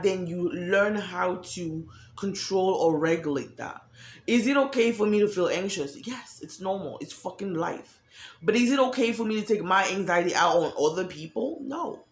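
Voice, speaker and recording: A woman's voice: medium pitch, moderate pace. A woman giving a candid, profane monologue about emotions, acting out quoted voices as she talks. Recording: echoey room.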